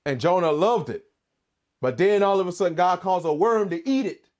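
High-pitched guy preaching a bible study, reads the verses then gets fired up asking "what?". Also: animated, moderate pace, darkish tone. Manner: reads scripture aloud, then rises to fervent, emphatic preaching; quizzes listeners with repeated "what?". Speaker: Bible teacher.

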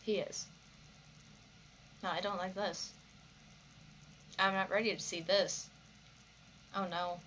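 A woman hosting an anime reaction, talking back to the screen in an expressive way and swearing freely. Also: lowish voice, slow pace, pauses often, a little hiss or hum. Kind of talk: reaction commentary.

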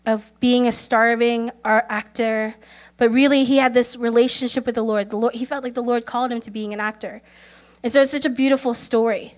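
Earnest woman preaching a sermon. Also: on the high side. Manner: earnest storytelling, calls for amens; acts out quoted prayers softly, at times in a whisper.

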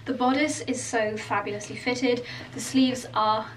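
A woman vlogger gushes through a clothing try-on, chatty and effusive, her voice sitting a touch high. She is picked up from across an echoey room, with a faint hiss underneath. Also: steady tone, unhurried. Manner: gushing, effusive praise; chatty and lightly laughing. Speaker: fashion vlogger. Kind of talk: try-on haul chat. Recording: roomy echo, distant mic, faint hiss.

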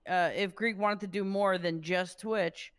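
A man's voice: high voice, steady tone, measured pace, a bit bright, clean tone. A man in casual chat, pushing his point insistently with many fillers like "you know" and "like". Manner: persuasive, insistent, filler-heavy.

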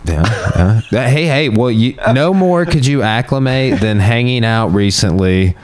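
A man's voice: mid-range voice, expressive, measured pace, a little mellow, slight background noise. A man hosting a podcast, chatting casually and agreeably with his guest. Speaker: podcast host. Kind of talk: casual chat.

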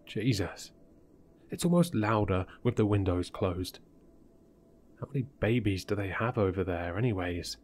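A man's voice: on the low side, expressive, measured pace, a little mellow. A man voicing a frustrated young husband in a horror story reading. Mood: exasperated. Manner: blunt, exasperated.

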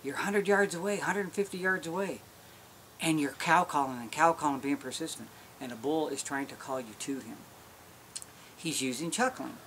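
A man's voice: on the high side, normal speed, a bit bright, slight background noise. A man teaching how to make elk calls, explaining in a folksy, step-by-step way. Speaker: elk calling instructor. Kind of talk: instructional demonstration.

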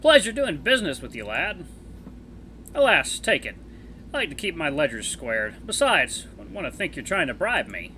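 A man's voice: a little high, very animated, moderate pace, pushed and bright, slight background noise, pitched above the performer's own voice. A man voicing a jovial, sly older male wolf merchant who teases and laughs heartily. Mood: hearty.

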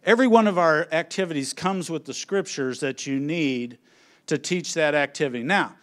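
Middle-aged male speaker, fairly high voice, lively story-driven stage presentation. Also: moderate pace. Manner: animated storyteller who acts out his family's lines. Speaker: conference speaker on children's ministry. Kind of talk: humorous presentation to an audience. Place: on a stage at a conference.

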